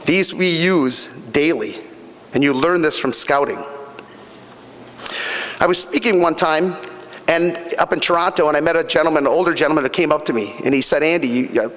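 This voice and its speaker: A man's voice: fairly high pitch, normal speed, a bit bright. Earnest middle-aged man in a reverberant hall. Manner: earnest storytelling, repeats himself, many fillers. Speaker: guest speaker at a fundraising breakfast. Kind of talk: motivational speech with personal stories.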